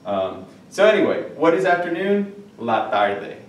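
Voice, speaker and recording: A man's voice: fairly high pitch, big pitch swings, measured pace, a little hiss or hum. A male Spanish teacher giving a recorded lesson in a chatty way, repeating phrases and checking in with his listeners. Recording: echoey room, mic at a distance.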